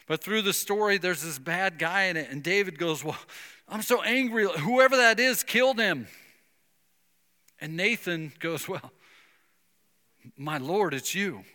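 A man preaching a sermon, retelling a Bible story with lively acted-out dialogue. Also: fairly high pitch, in a large hall. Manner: animated storytelling, acting out biblical dialogue. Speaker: pastor.

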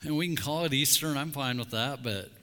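A middle-aged man preaching a sermon in a church sanctuary, his voice bright and forceful. He is candid and intense, confessing his own failings and then dropping to a hush on key words. A long hall reverb trails each phrase. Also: medium pitch, brisk, slight background noise. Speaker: pastor.

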